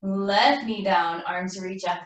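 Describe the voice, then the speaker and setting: A woman leads a yoga class in a slow, unhurried voice, a little high, breathless from moving through the poses with her students. She sounds well away from the microphone, and the studio rings with a strong echo. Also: faint music behind. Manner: calm breathy cueing while flowing through poses herself. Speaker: yoga instructor. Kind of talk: live yoga class cueing. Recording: roomy echo from far off the mic.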